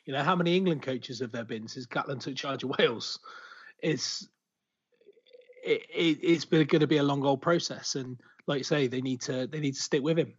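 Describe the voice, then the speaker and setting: A man with a husky, slightly breathy voice chats about rugby on a podcast, rambling from point to point and laughing at himself. His recording sounds dull and lo-fi. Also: medium pitch, normal speed. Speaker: podcast co-host. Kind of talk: casual sports chat.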